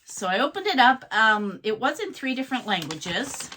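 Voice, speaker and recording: A woman with an Irish-tinged Canadian accent, chatting homely and unhurried as she shows off her auction finds and reads through lists aloud. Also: a little high, very animated, bright, forceful tone, slight background noise. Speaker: vlogger showing auction finds. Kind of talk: casual show-and-tell.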